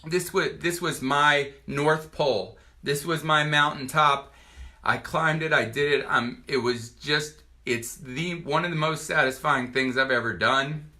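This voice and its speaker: A man in his forties from Virginia, a doctor giving a personal testimonial to camera in an earnest, halting way with many restarts. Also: on the high side, pushed and bright. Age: 40s.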